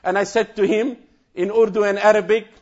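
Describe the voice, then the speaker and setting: Earnest male cleric, high-pitched voice, dull lo-fi sound, recounting an emotional scene. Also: flat delivery, brisk, darkish tone. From South Africa. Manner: earnest, repeats phrases, breaks into chanted Quran recitation. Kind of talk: emotional first-hand recounting talk.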